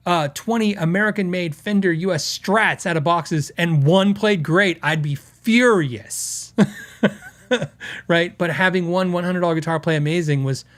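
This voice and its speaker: A man's voice: high-pitched, a bit bright. A man hosting a podcast, talking casually and rambling with restarts as he reads out viewer comments. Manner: conversational, rambling with restarts and acted quotes. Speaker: podcast host. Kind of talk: casual chat.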